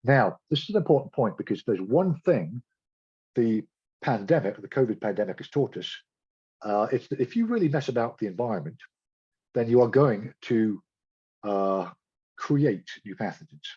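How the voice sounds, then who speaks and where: Husky, low-voiced male lecturer, blunt and sardonic, on a dull lo-fi recording. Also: very animated, normal speed, darkish tone. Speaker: guest speaker. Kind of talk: public science talk.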